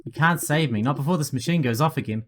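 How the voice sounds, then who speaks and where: A man's voice: a little high, fast talker, fairly bright tone, slight background noise, lightly acted. A man voicing a dying man who is bitter, desperate and prone to swearing. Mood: pleading. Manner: pleading, swearing, breaking into pained outbursts.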